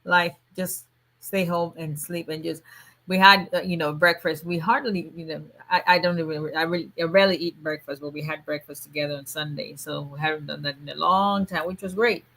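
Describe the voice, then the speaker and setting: Lady hosting a live stream, lowish voice but bright and forceful, chatty, says hi to everyone. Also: fairly even intonation, a little fast. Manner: warm chatty greetings, frequent restarts and fillers. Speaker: immigration attorney hosting a livestream. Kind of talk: casual livestream chat greeting viewers.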